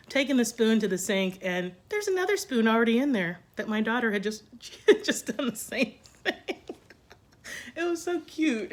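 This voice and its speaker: A middle-aged woman chatting to camera from home, rambling and poking fun at herself, her pitch often jumping up for emphasis. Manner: chatty and rambling, self-mocking, with lively swings in pitch. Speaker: vlogger. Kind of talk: casual talk to camera.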